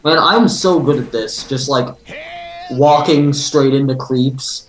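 A man's voice: medium pitch, slow pace. A young man chatting casually while playing a video game, playful and boastful, laughing often. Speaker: gamer. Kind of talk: casual gameplay chat. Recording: echoey room with game music.

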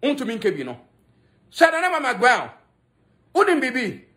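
High-voiced Ghanaian man ranting. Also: wildly swooping pitch, moderate pace, sharp tone. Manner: mocking, scolding, switches between Twi and English. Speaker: entertainment commentator. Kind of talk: ranting gossip commentary.

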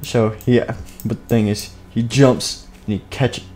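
A man's voice: mid-range voice, fairly even intonation, a little slow, a little mellow, slight background noise. Rambling, goofy young man streaming. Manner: rambling, self-interrupting, goofy. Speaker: streamer narrating a game role-play. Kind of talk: live-stream game narration. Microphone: desk microphone.

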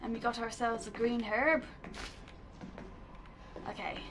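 A woman's voice: a little high, steady tone, slow, noisy background. A young woman giving horror game commentary, jumpy, muttering to herself and then bursting into shrieks. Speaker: gaming YouTuber.

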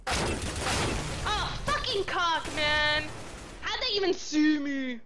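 A woman streaming a shooter game, excitable and swearing, shrieking when frustrated. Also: high voice, very slow, over music. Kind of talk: gaming stream chat. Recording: noisy game audio behind. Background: gunfire and game sounds.

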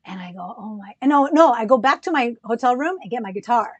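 Woman guest, bright higher voice, chatty and animated, spins stories with laughs. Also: fairly quick, no room sound, lo-fi sound. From United States. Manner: animated, chatty, laughs often, restarts sentences. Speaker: podcast guest, musician and educator. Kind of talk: casual storytelling chat.

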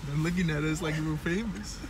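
A man's voice: fairly high pitch, a little fast, background noise. A young man talking casually to his viewers from inside a car, joking and laughing as a vlogger. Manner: playful, laughing, addressing viewers as guys. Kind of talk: casual vlog chat.

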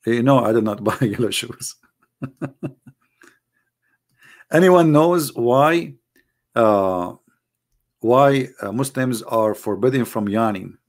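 A man's voice: medium pitch, slow pace, long pauses. A man with an Arabic accent, a native Arabic speaker, giving a sarcastic monologue as an online critic. He mocks his subject and keeps asking the viewers rhetorical questions. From Arab world. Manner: mocking, rhetorical, speaks straight to the audience.

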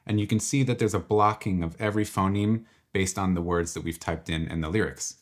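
Deep-voiced man explaining software. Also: brisk. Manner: relaxed, exploratory, explaining while clicking. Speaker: tutorial presenter. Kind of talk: software walkthrough.

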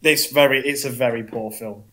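A man's voice: mid-range voice, steady tone, brisk, bright, forceful tone. A British man co-hosting a casual gaming podcast chat, telling stories emphatically with some swearing. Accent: British English. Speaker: podcast co-host.

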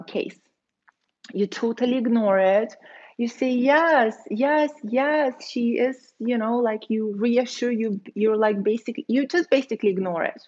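A woman giving dating advice as a coach, talking straight to her viewers and acting out quoted lines. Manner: animated, acts out quoted lines in a higher voice. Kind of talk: advice monologue to camera. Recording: slightly dull, lo-fi audio.

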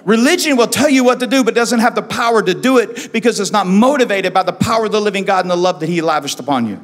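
A high-pitched man preaches a sermon, drives his lines home with repetition and drops to a hush before he rises again. His voice rings through a church hall with a long reverb, and soft music plays underneath. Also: animated, fast. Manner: impassioned, repetitive, swings from hushed to loud. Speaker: pastor.

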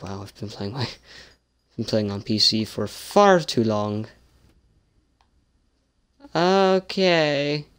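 A man's voice: medium pitch, a bit bright, clean tone. A young man casually commenting on a horror game he is playing, sarcastic and jumpy, swearing often. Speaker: gameplay streamer.

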